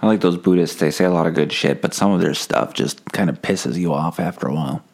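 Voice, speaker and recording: A man hosts his own comedy podcast alone, rambling from one thought to the next in a deadpan, profane way. His voice is low and gravelly, and he often turns the joke on himself. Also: fast talker. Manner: deadpan, profane, self-mocking.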